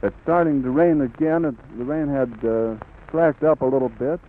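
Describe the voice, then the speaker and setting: A middle-aged man giving steady, flowery live radio commentary. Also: medium pitch, moderate pace. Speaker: radio reporter. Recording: tinny scratchy 1930s radio recording, faint hiss.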